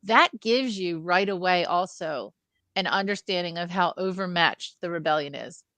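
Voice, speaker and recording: A woman's voice: fairly low pitch, moderate pace, fairly bright tone, no room sound. A woman co-hosting a casual film review chat, analytical and thoughtful, often checking in with the others. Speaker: podcast co-host.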